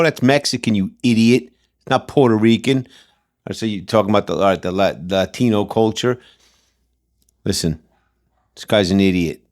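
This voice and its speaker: A man's voice: lowish voice, steady tone, moderate pace, a little mellow. A man hosting a commentary channel, ranting in a blunt, combative, slangy way and repeating his points. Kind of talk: casual commentary rant.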